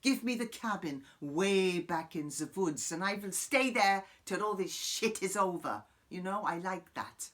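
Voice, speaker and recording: A man's voice: high voice, unhurried, few pauses. Mimi Vogel, a man playing a crude, dreamy woman guru. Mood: rambling musing. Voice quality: profane, wandering, sudden loud outbursts then quiet asides. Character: eccentric middle-aged woman guru, rambling, crude, dreamy. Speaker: comic character host. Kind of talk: improvised character monologue to camera.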